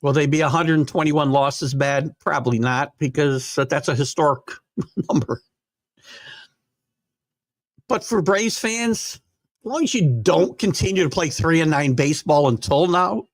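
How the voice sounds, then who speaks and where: An older man with hiccups hosts a live sports talk show, casually rambling with fillers as he goes through viewer comments. His voice sits a little high. There's no room sound.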